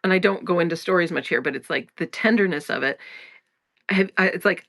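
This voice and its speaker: A woman's voice: on the low side, brisk, a bit bright, dry recording, clean studio sound. A woman hosting a spiritual talk in a casual, frank way, swearing freely, laughing often and restarting her sentences. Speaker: spiritual teacher and podcast host.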